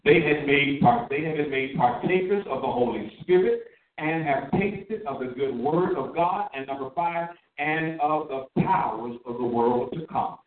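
A man's voice: on the high side, echoey room, recorded from a distance, narrow, tinny audio. A man preaching a sermon, drawing out his key words and asking his listeners questions. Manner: emphatic, drawn-out stresses on key words.

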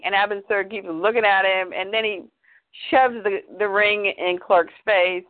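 Animated woman podcast co-host, phone-quality sound. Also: medium pitch, moderate pace. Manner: animated, playful. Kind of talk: casual comic recap. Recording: tinny phone-like line.

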